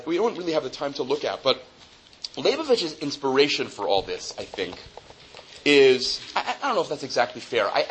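A man with a slightly high voice delivers an academic lecture. He reasons aloud, circling back and restarting phrases while checking in with his listeners. The recording is roomy and echoey, with faint ambience behind him. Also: fairly bright tone, slight background noise. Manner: thinks aloud with frequent restarts and tag questions.

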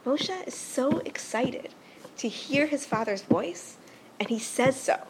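Earnest high-voiced woman teacher. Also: expressive, slow, noisy background. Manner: earnest, explanatory, frequent "right?" check-ins. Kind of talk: religious teaching talk.

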